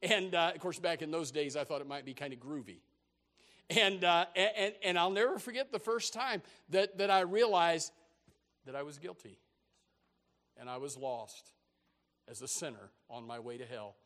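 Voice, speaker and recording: High-voiced folksy preacher. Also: male voice, normal speed, a bit bright. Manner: folksy, repetitive restarts. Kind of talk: sermon, storytelling.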